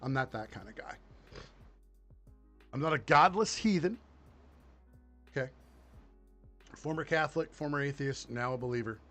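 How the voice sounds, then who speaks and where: A man hosting a casual commentary show, ranting in a profane, mocking, animated way. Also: mid-range voice, normal speed, long pauses, soft background music. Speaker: commentary host. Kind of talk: casual political rant.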